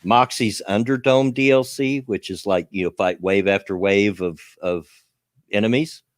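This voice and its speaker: A man's voice: fairly low pitch, moderate pace, no room sound, clean studio sound. A man with a Southern US accent hosting a casual chat stream, rambling about games and chuckling often.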